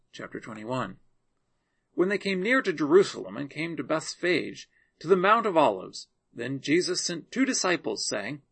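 A man giving a measured, dramatic scripted narration of scripture. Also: mid-range voice, vocal fry, a bit bright, breathy edge. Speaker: scripture reader.

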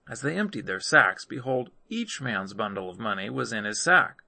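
A man reading scripture aloud in measured narration. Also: lowish voice, lively intonation, vocal fry, sharp tone, no echo. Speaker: scripture reader.

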